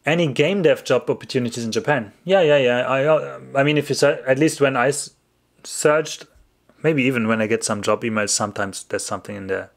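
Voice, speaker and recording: A man speaks English as he hosts a casual livestream and answers questions from chat. He rambles, breaks off his own sentences and laughs often, at a middling pitch for a man. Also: fairly quick.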